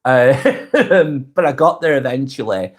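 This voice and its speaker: A man's voice: medium pitch, expressive, unhurried. Lancashire man chatting on a live stream. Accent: Lancashire, Northwest England. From Northwest England. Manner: plain-spoken and direct, addresses viewers by name. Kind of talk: casual live-stream chat reading comments aloud.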